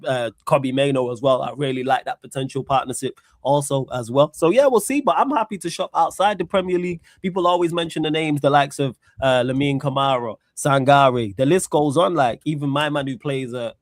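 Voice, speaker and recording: A man's voice: mid-range voice, fairly quick, hardly any pauses, no echo, clean studio sound. A man, talking football casually as co-host of a podcast, chatty and rambling. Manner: chatty, rambling, often restarts.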